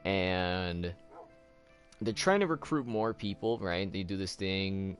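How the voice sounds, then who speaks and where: A man's voice: low-pitched, animated, takes it slowly, faint music behind. A man hosting a let's play, chatting casually and rambling loosely as he tells a long story. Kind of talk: casual chat while gaming.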